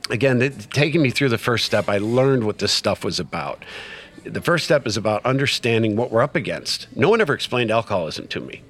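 A middle-aged man telling a personal story in casual conversation, acting out quoted dialogue with lots of fillers. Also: fairly low pitch. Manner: animated retelling with quoted dialogue, many fillers. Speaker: guest sharing recovery story.

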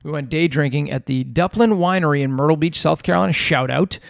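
Man, 40s, raspy co-host, animated and teasing, close dry sound. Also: on the high side, fast talker, no echo. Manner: animated, teasing, mimics his wife. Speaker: podcast co-host. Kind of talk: casual storytelling chat.

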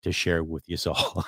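A low-pitched man from Canada rants through his own podcast, blunt and salty, swearing freely as he rambles from point to point. His voice sits close and dry, with no room sound around it. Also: a bit bright, breathy edge, no echo. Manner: blunt, profane, rambling rant. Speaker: podcast host. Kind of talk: ranting solo podcast.

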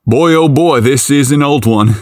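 A man's voice: medium pitch, normal speed, dry recording, clean studio sound, voice pushed up, lightly acted. A man doing a friendly country repairman. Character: young male cable repairman, friendly country boy.

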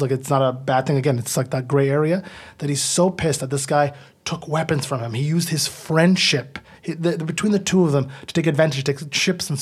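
A man who is a comedian guest, telling a story in a rambling, animated way with lots of fillers and swearing. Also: a little high. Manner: rambling, animated, fillers and profanity, acts out quotes. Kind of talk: casual podcast storytelling.

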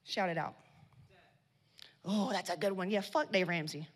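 A woman's voice: on the low side, moderate pace. A woman giving a blunt, profane motivational talk to a live audience at a women's business event. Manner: blunt, swearing, slangy and loud in bursts. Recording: long hall reverb.

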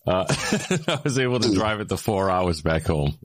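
Man, very low voice, dry recording, casual storytelling, animated. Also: normal speed, dry recording. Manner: animated, rising when worked up, many fillers.

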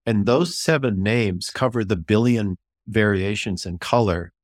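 An older man, an author and ministry leader, speaks unhurriedly in a fairly low voice as an interview guest. He tells stories animatedly in a conversational way, often restarting phrases and acting out quotes in a raised voice. The studio sound is clean, with no echo.

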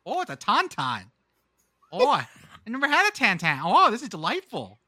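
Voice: medium pitch, wildly swooping pitch, normal speed, bright, forceful tone, dry recording, studio quality, exaggerated voice. A podcast host putting on a cheery Minnesota accent to play a folksy home cook who is fond of casseroles. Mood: delighted.

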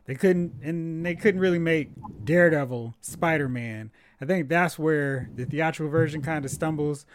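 A man co-hosting a casual movie podcast, opinionated and animated, firing off quick asides. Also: on the high side, a little hiss or hum. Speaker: podcast co-host. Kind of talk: casual chat.

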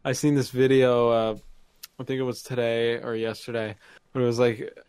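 Laid-back young man, smooth dry voice. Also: mid-range voice, flat delivery, normal speed, a little mellow, dry recording. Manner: laid-back, slangy, stammers at starts. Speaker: podcast co-host. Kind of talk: casual chat.

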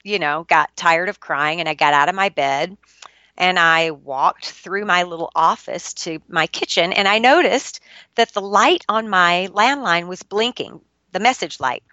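A woman's voice: lowish voice, unhurried, pushed and bright, no room sound, dull audio. A middle-aged woman, a podcast guest, telling a personal story in an earnest, confessional and emotional way.

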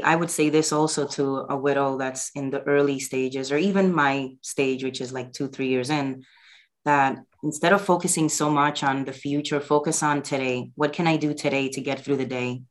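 A woman with a notably low voice shares a personal story as a guest. She talks earnestly and from the heart. She sounds middle-aged. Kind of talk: personal conversation.

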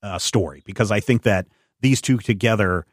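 A man co-hosts a casual comic review chat. He talks in a rambling, animated way and often circles back to correct himself. His voice sits close to the mic with no room sound. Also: fairly low pitch, moderate pace, husky, dry recording. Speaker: podcast co-host.

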